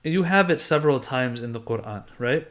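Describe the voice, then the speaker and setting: A man's voice: mid-range voice, expressive, fairly quick, a bit bright. A man teaching religious doctrine, reading passages aloud and explaining them in a conversational way with everyday examples. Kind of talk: explaining a doctrine text to a class.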